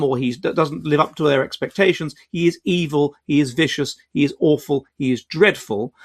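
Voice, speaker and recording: A man hosting an educational video, explaining in a measured, lecturing way with restarts and quiet asides. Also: a little high. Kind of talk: explanatory talk to camera.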